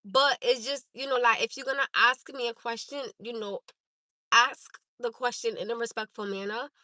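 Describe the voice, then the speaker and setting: Newark jersey lady on a livestream, kinda high bright voice, dry close sound, talking straight to chat. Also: steady tone, normal speed, no room sound, low-quality recording. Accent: Newark, New Jersey. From Newark, New Jersey. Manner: direct and candid, talks straight to the chat. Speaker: livestream host. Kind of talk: casual chat to viewers.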